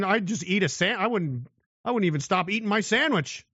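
A man rants in a blunt, mocking monologue, his pitch swinging widely. His voice sits a little high for a man. The recording is dry and slightly dull. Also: lively intonation, moderate pace, bright, forceful tone, no echo. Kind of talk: monologue rant.

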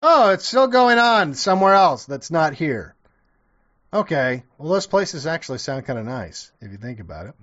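A man's voice: on the high side, sing-song, moderate pace, a bit bright, highs cut off. A man giving casual reaction commentary, rambling and profane, with sarcastic asides and many restarts. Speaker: commentator reacting to an old TV show.

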